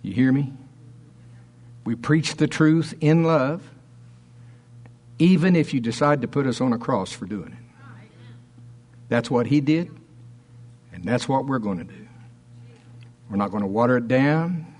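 A man's voice: medium pitch, lively intonation, a little mellow. Fired-up preacher guy, emphatic, drags out words for weight. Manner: fervent, emphatic, reads scripture aloud; slows down to stress words. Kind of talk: sermon.

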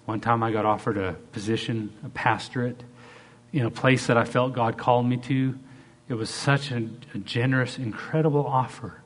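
Middle-aged guy preaching, goes quiet then gets loud acting out lines, normal pitch voice. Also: steady tone, moderate pace. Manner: dynamic, swings between loud acted-out quotes and soft asides. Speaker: pastor. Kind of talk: sermon.

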